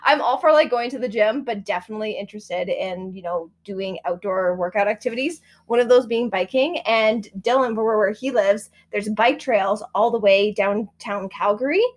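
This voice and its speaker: A woman's voice: medium pitch, normal speed, hardly any pauses. A young woman co-hosting a podcast in casual chat, filling her talk with "like" and "um". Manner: chatty, heavy use of "like" and "um". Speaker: podcast co-host.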